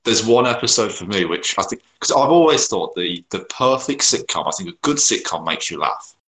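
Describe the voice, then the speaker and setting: A man co-hosting a podcast in casual chat, agreeable and quick to chime in. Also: lowish voice, lively intonation, fairly bright tone, poor audio. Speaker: podcast co-host. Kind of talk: casual chat about a sitcom.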